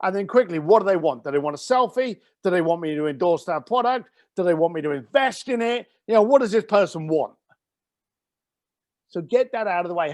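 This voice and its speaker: A man's voice: high voice, lively intonation, fairly quick, a little mellow, no room sound. A middle-aged man, a business founder, telling blunt, emphatic stories as an interview guest and swearing casually. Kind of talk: conversational interview storytelling.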